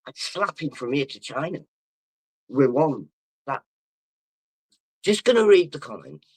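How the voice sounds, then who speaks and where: A man's voice: fairly high pitch, expressive, measured pace, husky, dry recording. A drunk man rambling and swearing as he chats on a livestream and reads out comments. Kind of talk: casual livestream chat, reading comments.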